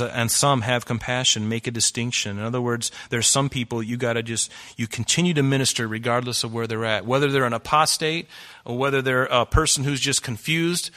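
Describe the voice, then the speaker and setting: A man preaching a sermon in a bright, forceful voice. He exhorts his listeners earnestly, rising loud on key lines and dropping to a hush on others. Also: medium pitch. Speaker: pastor.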